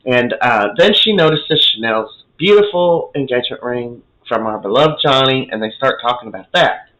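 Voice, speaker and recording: A man's voice: mid-range voice, animated, normal speed, fairly bright tone, highs cut off. A man giving a casual, chatty recap of a soap opera episode, opinionated and full of fillers.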